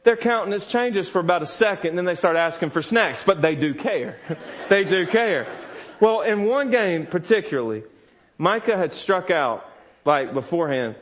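A man preaching a sermon with a fairly high voice, candid and self-deprecating. He laughs often through his stories and drops into his small sons' whiny voices. He sounds like a pastor in his thirties. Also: animated, moderate pace, a bit bright.

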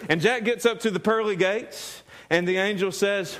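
A male pastor preaching a sermon, animated, often repeating and restarting his words and laughing as he talks. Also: high voice, moderate pace.

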